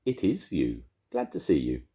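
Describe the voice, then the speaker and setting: A man's voice: extremely low pitch, sing-song, normal speed, dark tone. An older man voicing a fussy, cautious male rabbit in a storybook, prim and a little stern.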